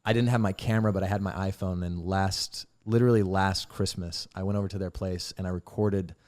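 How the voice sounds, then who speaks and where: A man telling personal stories in a casual interview, animated and swearing freely, acting out quotes in a loud voice. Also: low voice, fairly quick. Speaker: actor interviewee.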